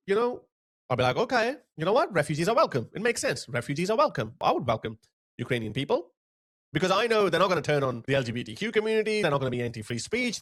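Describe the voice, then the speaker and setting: A man giving blunt, sarcastic commentary on video clips, mocking what he shows. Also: high voice. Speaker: political commentator.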